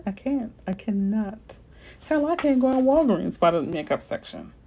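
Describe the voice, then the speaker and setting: Animated woman realtor chatting with viewers. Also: a little high, normal speed, slight background noise, low-quality recording. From Florida. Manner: animated, slangy, reads out viewer comments. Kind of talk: casual livestream chat with viewers.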